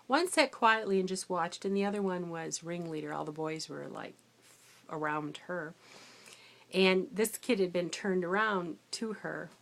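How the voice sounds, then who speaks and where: In a casual storytelling vlog, a middle-aged woman with a mid-range voice rambles chattily about her day substitute teaching. She's tired after a sleepless night but grows animated whenever she quotes herself.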